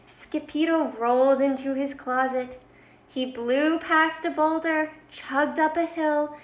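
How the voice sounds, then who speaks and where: A woman teacher reading a picture book aloud at storytime, expressive and talking to the listening children. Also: high-pitched.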